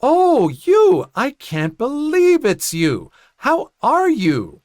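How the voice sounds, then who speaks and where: A man voicing a snarky, condescending female high school teacher with a falsely sweet, sneering manner. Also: wildly swooping pitch, a little slow, fairly bright tone, heavily acted. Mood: gushing.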